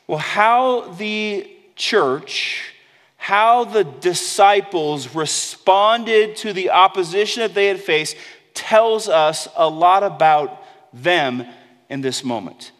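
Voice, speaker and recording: High-voiced man preaching in a reverberant hall. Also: lively intonation, slow pace. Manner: conversational preaching, drops low and soft on key words, acts out quoted voices. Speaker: pastor. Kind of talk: sermon.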